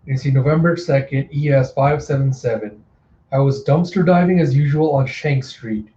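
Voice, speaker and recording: A man's voice: medium pitch, moderate pace. Chatty man in a roomy room. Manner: chatty, animated, self-interrupting. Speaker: host. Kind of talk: casual comic readthrough narration. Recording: roomy, slightly dull home recording.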